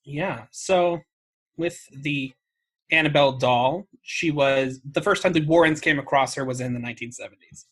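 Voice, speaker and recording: Bright husky-voiced man telling a story. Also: on the high side, moderate pace. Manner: wry, swears freely, laughs at himself. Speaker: podcast co-host. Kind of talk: casual storytelling chat.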